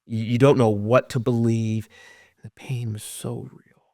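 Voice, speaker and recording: A middle-aged man telling his own story as a podcast guest, earnest and halting, often dropping to a hush. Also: mid-range voice, flat delivery, dry recording, clean studio sound. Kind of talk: personal storytelling.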